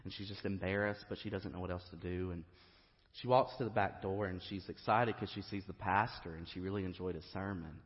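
A man's voice: low-pitched, brisk. A man preaching a sermon in a church, telling a story with strong emphasis. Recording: reverberant hall, dull lo-fi.

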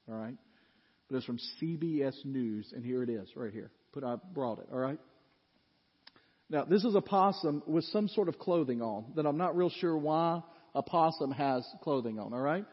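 Animated pastor in a reverberant hall. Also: male voice, slightly rough. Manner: animated storytelling, building to loud peaks then dropping low and quiet. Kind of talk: sermon. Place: church sanctuary. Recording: dull audio with long hall reverb.

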